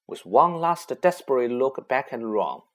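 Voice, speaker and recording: A man narrating a children's fantasy novel aloud with expressive storytelling and a husky voice. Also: medium pitch, unhurried. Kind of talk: audiobook reading.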